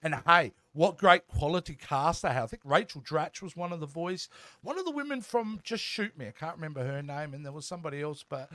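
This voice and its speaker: A man's voice: fairly high pitch, animated, brisk, fairly bright tone, no room sound. A man co-hosting a casual TV review chat, upbeat but hesitant, with many ums and restarts. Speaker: co-host of a TV review show.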